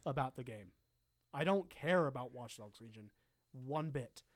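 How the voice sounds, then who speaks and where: A man's voice: medium pitch, expressive, measured pace, no room sound, studio quality. A man co-hosting a casual podcast about video games, rambling, swearing freely and laughing often. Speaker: podcast co-host.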